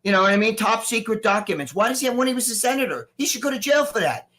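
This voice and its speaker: A man's voice: high-pitched, animated, fast, a bit bright. Profane, rambling middle-aged man ranting. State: recovering from surgery. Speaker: guest. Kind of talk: casual live-stream chat.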